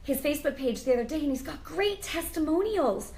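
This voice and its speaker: A high-voiced woman hosting a faith talk show. She speaks with fervent, emotional conviction, leans into earnest appeals and prays aloud. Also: lively intonation, fairly quick, vocal fry, a little mellow, low-quality recording. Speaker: host. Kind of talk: Christian interview show.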